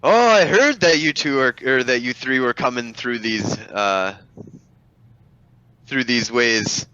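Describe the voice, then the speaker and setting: A man's voice: mid-range voice, takes it slowly, bright, forceful tone, muffled recording, a little hiss or hum, pitched above the performer's own voice. A man voicing a dapper, showy male facility greeter with a grandiose, theatrical way of speaking. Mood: welcoming.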